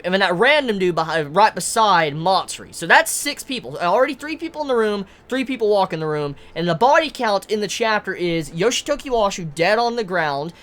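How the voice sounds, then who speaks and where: A woman giving casual, excited commentary on a manga chapter, swearing often and tripping over her words. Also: medium pitch. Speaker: manga reviewer.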